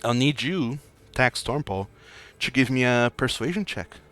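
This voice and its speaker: A man's voice: medium pitch, lively intonation, a little slow, a bit bright, soft background music. A man acting as game master, narrating a tabletop game in a loose, descriptive way. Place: home streaming setup.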